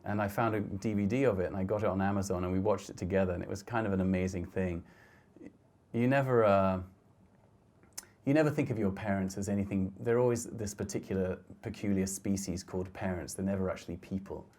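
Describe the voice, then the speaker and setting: A middle-aged man with a low, mellow voice talks through his photographs in a lecture hall. He speaks gently and thoughtfully, often stopping to restart his sentences. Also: a little fast. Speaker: photographer giving a talk. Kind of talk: reflective slide talk.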